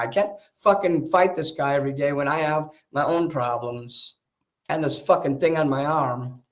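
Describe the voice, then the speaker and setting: Man, defensive and heated, frequent swearing, higher pitch. Casual chat. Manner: agitated, defensive, swears a lot. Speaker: streamer talking with a friend.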